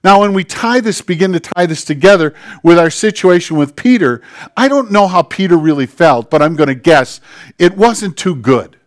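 A man preaching a sermon as pastor, swinging between quiet, hushed passages and slow, emphatic declarations. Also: high-pitched, expressive. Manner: dynamic, swings from hushed to emphatic, drawn-out phrases.

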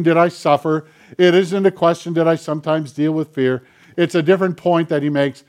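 A man's voice: a little high, darkish tone. Man preaching a conversational sermon. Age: older. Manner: conversational preaching, acting out quoted dialogue. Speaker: pastor.

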